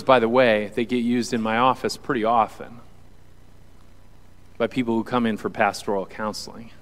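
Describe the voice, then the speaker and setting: A man's voice: on the low side, long reverb tail. A male pastor preaching a sermon to a congregation in an earnest, conversational way. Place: church hall with audience.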